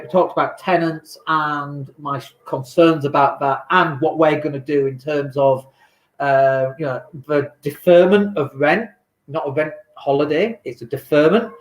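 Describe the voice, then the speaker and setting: A chatty man talks loosely on a home livestream, drifting between topics and answering viewer comments. His voice sits fairly high for a man, and the room around him rings with echo. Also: normal speed. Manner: chatty, rambling, reads viewer comments aloud. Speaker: property investor vlogger. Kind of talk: casual livestream talk. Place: home in lockdown. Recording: echoey room.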